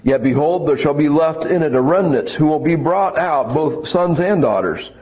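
Guy preaching a sermon, kinda high voice, earnest, reads scripture out loud, muffled lo-fi recording. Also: lively intonation, normal speed. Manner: earnest, repeats words when restarting. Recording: dull lo-fi recording.

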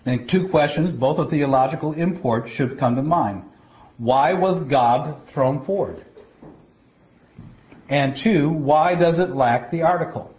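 A man preaching a Bible teaching, explaining scripture step by step in a deliberate way, often stopping to restart a word. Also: on the high side, a little mellow. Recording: dull lo-fi recording.

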